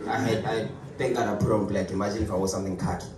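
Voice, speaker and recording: A man's voice: lowish voice, level tone, racing. A young man from Africa doing stand-up with a put-on British accent, chatty and self-deprecating, often restarting his sentences. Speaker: stand-up comedian. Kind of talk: stand-up comedy set. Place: comedy club stage. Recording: echoey room, far mic, crowd noise.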